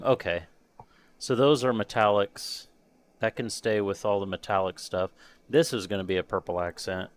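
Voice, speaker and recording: Lowish-voiced man muttering over a model kit. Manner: muttering to himself, trailing off, chuckling. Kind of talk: casual live-stream chatter while painting a model kit. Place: home workshop.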